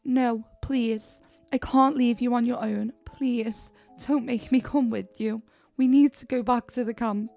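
A terrified teenage girl sobbing out broken, halting pleas, voiced by a woman reading a horror story. The voice sits fairly high with a gravelly fry, over faint background music. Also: steady tone, mellow. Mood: tearful pleading. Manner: tearful, broken, halting sentences.

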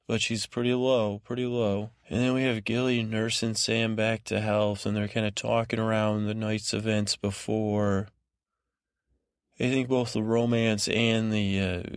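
A man's voice: lowish voice, vocal fry, dry recording, studio quality. A man hosting a sleep podcast, giving a meandering recap of a TV episode with lots of fillers and restarts. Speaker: podcast host. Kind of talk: rambling bedtime recap.

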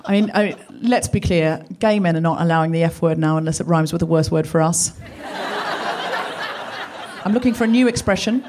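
A woman's voice: lowish voice, a little fast, a little mellow. A woman co-hosting a live comedy podcast, telling self-mocking stories onstage with hesitant restarts. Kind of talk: stand-up storytelling before a live audience. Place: arts centre stage. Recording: live stage recording, faint noise.

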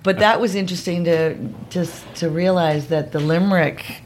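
Animated woman swapping road stories. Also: lowish voice, normal speed, slight background noise. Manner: animated storyteller, mimics voices. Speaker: guest performer telling stories. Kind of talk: casual interview chat.

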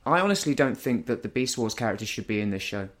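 A man's voice: mid-range voice, big pitch swings, quick pace. A man in casual conversation, talking bluntly and firmly about what he dislikes. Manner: blunt, opinionated, argumentative. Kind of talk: casual chat.

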